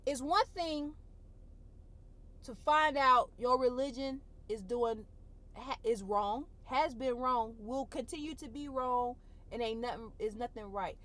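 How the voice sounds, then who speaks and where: Holding back tears, a woman vlogger delivers an emotional personal testimony at a measured pace and a fairly high pitch. Her speech is informal and expressive, with phrases repeated for emphasis.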